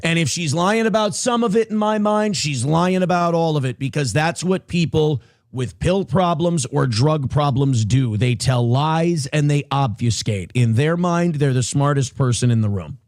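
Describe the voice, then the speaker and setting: High-voiced man taunting while reading documents. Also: normal speed, few pauses, darkish tone, dry recording, studio quality. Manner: taunting, addresses his target directly. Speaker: online commentator. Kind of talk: reading documents aloud with mocking commentary.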